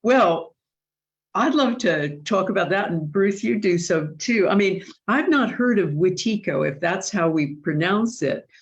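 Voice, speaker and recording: A woman's voice: mid-range voice, animated, a little slow, dull audio, a little hiss or hum. A woman hosting an online question-and-answer session, speaking in an earnest, thoughtful way with frequent restarts. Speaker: host. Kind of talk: live online Q&A discussion.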